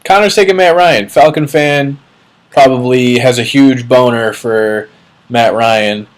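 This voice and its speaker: A man's voice: mid-range voice, unhurried. A young man ranting casually and bluntly, swearing and cutting words off mid-sentence. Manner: blunt, profane, mocking, trailing off mid-word. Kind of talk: casual vlog rant.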